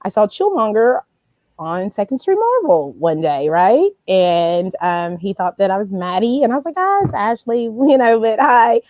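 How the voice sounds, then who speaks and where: A woman hosts a casual live stream, chatting loosely and calling out viewers' names as they arrive. Her voice is mellow and soft-edged. The sound is dry and close. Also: medium pitch, expressive, moderate pace, no echo, muffled recording. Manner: chatty, rambling, greets viewers by name.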